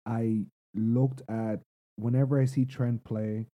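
A man co-hosting a podcast in casual chat, animated and jokey, laughing often. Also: medium pitch, takes it slowly, lo-fi sound. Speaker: podcast co-host.

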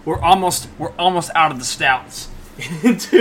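A man's voice: on the high side, unhurried, a bit bright, slight background noise. A man hosting a casual beer tasting, talking about his own home brew and laughing often. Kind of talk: casual chat.

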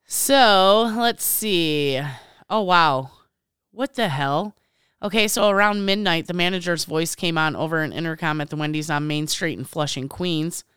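A woman from Illinois with a very low voice reads a story on a podcast and tosses in blunt, offhand asides. Her voice is very smooth and clear. It is recorded dry and close. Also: unhurried, a bit bright, dry recording. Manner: blunt, offhand reader who adds wisecracks. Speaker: podcast co-host. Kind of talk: casual chat, reading a story aloud.

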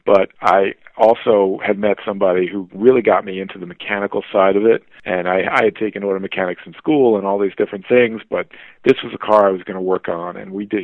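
Guest: deep-voiced man, enthusiastic, rambly, dry tinny line. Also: no room sound. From New Jersey. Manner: enthusiastic, filler-heavy, restarts often. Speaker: podcast guest, publishing executive. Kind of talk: conversational interview storytelling. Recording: dry, phone-like narrow line.

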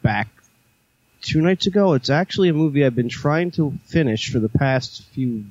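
A man's voice: medium pitch, expressive, normal speed, darkish tone, lo-fi sound. A man co-hosting a casual podcast, telling a long story with many fillers and restarts. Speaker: podcast co-host. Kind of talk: casual chat.

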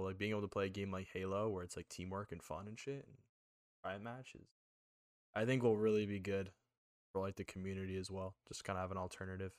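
A man's voice: low-pitched, no echo, studio quality. A man hosting a casual gaming podcast, rambling with a lot of fillers and steering the conversation between topics. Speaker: podcast host.

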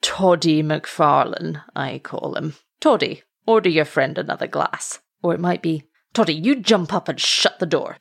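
A man's voice: on the high side, animated, moderate pace, creaky, hardly any pauses. A woman reading a coarse, mocking rogue. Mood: taunting. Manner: mocking, taunting. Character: coarse, vulgar small older male rogue.

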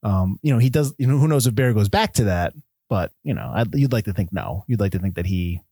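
A man's voice: lowish voice, big pitch swings, quick pace, dark tone, husky, no room sound, studio quality. A man co-hosting a casual movie chat, rambling with many restarts and acting out lines from the film. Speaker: podcast host.

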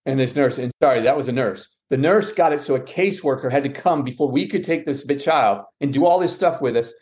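A man's voice: mid-range voice, a little fast. A man, a guest on a podcast, telling a long personal story and acting out what others said, with frequent restarts and self-corrections. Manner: lively, quotes others with "she goes" and "I said". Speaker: guest, adoptive father.

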